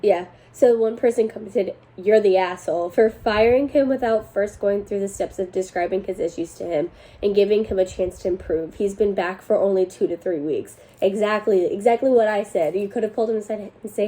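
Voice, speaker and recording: A young woman hosts a casual chat, reading online forum posts aloud with a mellow, unhurried warmth and laughing easily between lines. Her pitch stays in an ordinary middle range, and the recording is low quality.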